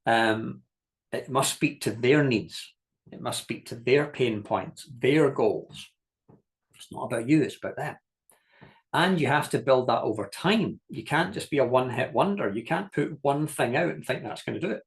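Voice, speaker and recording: Teaching a business masterclass, this male business coach speaks at a mid pitch, neither high nor low, with a gravelly texture and moderate pace. He tells lively anecdotes, acts out other people's voices when quoting them, and laughs often. His style is direct, and he repeats key points to hammer them home.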